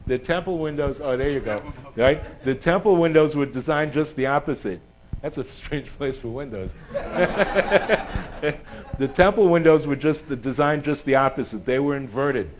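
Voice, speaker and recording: A man's voice: fairly high pitch, animated, moderate pace, slight background noise. A man giving a live lecture to a group in a synagogue, chatty and joking, laughing at his own puns. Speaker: guest lecturer. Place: synagogue hall. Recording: dull lo-fi phone recording.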